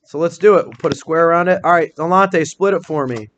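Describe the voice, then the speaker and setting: Guy teacher running a phonics group in class, spells stuff out slow, lots of questions, bit of noise. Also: fairly high pitch, a bit bright, dull audio. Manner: encouraging, questioning, spells words out slowly. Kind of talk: small-group phonics lesson.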